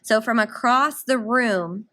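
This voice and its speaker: Animated woman teacher walking through a story. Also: on the high side, takes it slowly. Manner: animated, explanatory. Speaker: English teacher. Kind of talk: guided reading lesson.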